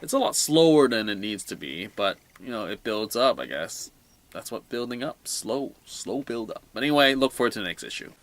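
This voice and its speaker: A man's voice: mid-range voice, brisk, no room sound. Rambling young man reviewing comics. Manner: rambling, excitable, often trails off quietly. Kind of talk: casual solo review vlog.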